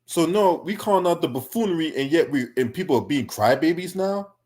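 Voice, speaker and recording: Man, angry political reaction stream, confrontational, profane, somewhat high pitch. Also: lively intonation, a little fast, a little mellow. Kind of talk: heated reaction commentary.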